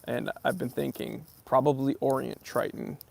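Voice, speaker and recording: A man's voice: mid-range voice, flat delivery, moderate pace, gravelly, a little mellow, a little hiss or hum. A young American man hosting a watch channel livestream, casually chatting and answering viewer comments in a laid-back, bro-ish way. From United States.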